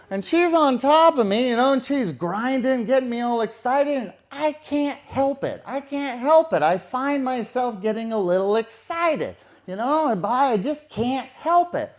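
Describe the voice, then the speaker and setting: Animated man telling a true story. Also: extremely high pitch, a little slow, hardly any pauses. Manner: casual, conversational, repeats phrases for effect.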